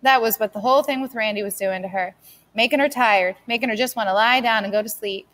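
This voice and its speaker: Woman audiobook narrator, steady storytelling, higher pitch. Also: fast. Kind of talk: scripted narration.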